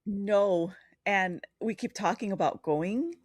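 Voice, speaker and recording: A woman's voice: mid-range voice, slow pace, no echo, clean studio sound. A woman co-hosting a podcast who tells long, rambling anecdotes in casual chat. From Chicago. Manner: rambling anecdotes with fillers and restarts. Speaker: podcast co-host.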